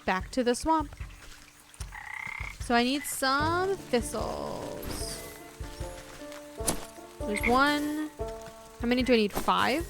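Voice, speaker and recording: A high-voiced woman streams a video game, chatting casually and cracking jokes. She swears freely and mutters to herself as she plays, with game music clearly playing behind her. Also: very slow, pauses often. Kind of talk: casual gameplay commentary.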